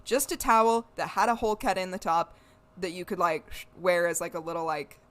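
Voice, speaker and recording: Low-voiced young woman chatting casually. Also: steady tone, brisk, a bit bright. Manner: rambling, joking, swears casually. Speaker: podcast co-host. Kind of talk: casual political chat.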